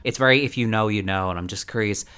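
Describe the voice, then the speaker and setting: Bright, eager male podcast host, slightly low pitch. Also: fast talker, clear, resonant tone. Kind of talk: casual chat.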